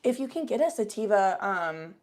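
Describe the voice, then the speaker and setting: A woman's voice: mid-range voice, sing-song, moderate pace, darkish tone. A young woman from the United States, hosting a casual livestream and chatting loosely and playfully with viewers, with lots of fillers. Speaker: livestream host. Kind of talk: casual livestream chat, reading viewer comments aloud.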